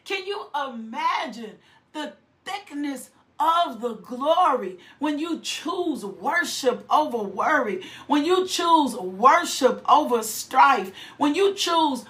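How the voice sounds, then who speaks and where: A woman's voice: high voice, expressive, slow pace, fairly bright tone. A middle-aged woman preaching a fervent sermon, repeating phrases in a rhythmic, rousing way. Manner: fervent, rhythmic repetition, exhortations.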